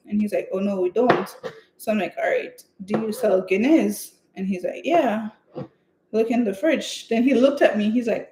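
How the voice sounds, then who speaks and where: Baking at home on a live stream, this woman vlogger rambles through stories in a chatty way, laughing as she goes. She speaks at a normal speed with a fairly high pitch and a darkish tone, and the kitchen recording carries echo and faint noise.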